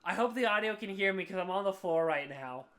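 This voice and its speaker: A man co-hosting a podcast while drunk, rambling loudly and swearing in casual chat. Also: high voice, animated, fairly quick. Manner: rambling, loud, profane. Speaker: podcast co-host. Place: at home, on the floor.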